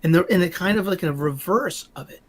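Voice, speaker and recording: A man's voice: high-pitched, a little fast. A man hosting a podcast in casual chat, rambling and often stumbling over his words. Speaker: podcast host.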